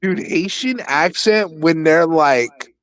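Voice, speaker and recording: A man's voice: on the high side, takes it slowly, a bit bright. A man, a friend of the host, chatting casually in a slangy, laughing way with a lot of swearing. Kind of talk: casual chat.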